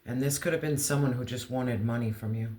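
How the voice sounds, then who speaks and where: A man giving an earnest, emotional tarot reading, slowing down to stress key words. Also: mid-range voice, darkish tone, echoey room, a little hiss or hum. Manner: earnest, emotional, slow deliberate emphasis. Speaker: tarot reader.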